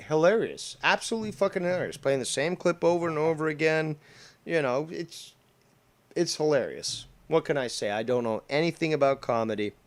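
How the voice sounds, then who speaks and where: A man's voice: on the high side, normal speed, smooth. A man hosting a long stream, giving mocking, sarcastic commentary on clips he plays, with frequent swearing. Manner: sarcastic, profane. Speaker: stream host.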